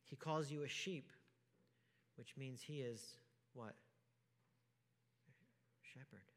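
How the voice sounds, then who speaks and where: A man preaching a sermon as pastor, emphatic, asking rhetorical questions and swinging from hushed to loud. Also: mid-range voice, slow pace. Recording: long hall reverb.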